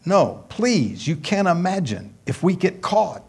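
Preacher putting on a frantic young girl, way higher than his own voice, begging no. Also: very animated, a little slow, darkish tone, breathy edge, full character voice. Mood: alarmed. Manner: pleading, high-pitched protests. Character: nervous young woman on a date.

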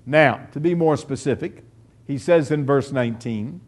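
A man's voice: mid-range voice, normal speed. A male preacher teaching a sermon verse by verse, emphatic and fond of rhetorical questions. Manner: emphatic, pounding home points with rhetorical questions.

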